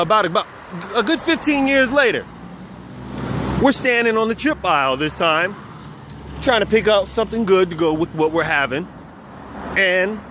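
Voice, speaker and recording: A man's voice: high-pitched, a bit bright. A man from South Texas casually telling personal stories, speaking of himself as "we" and chuckling now and then. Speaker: vlogger.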